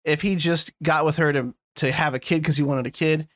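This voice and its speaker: A man with a somewhat high voice talks in a loose, rambling podcast chat, dropping the odd swear word. The sound is dry and close, with no room around it. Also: a little fast, no room sound. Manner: rambling, animated, swears casually. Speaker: podcast co-host. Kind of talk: casual chat.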